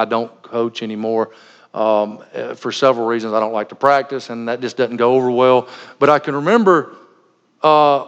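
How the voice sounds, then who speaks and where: A man preaching a sermon as a pastor, earnest and conversational, weaving in personal anecdotes. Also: mid-range voice. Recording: dull lo-fi recording in a reverberant hall.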